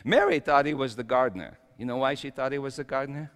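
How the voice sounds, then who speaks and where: A man preaching a comic first-person sermon monologue, telling the story wryly and swinging between quiet and loud. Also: medium pitch, quick pace. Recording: long hall reverb.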